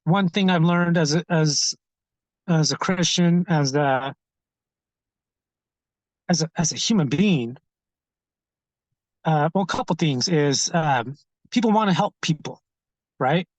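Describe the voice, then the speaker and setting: Earnest man, halting and repetitive. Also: fairly high pitch, dry recording, low-quality recording. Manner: earnest, halting, often repeats words while searching. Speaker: street ministry founder. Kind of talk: conversational interview storytelling.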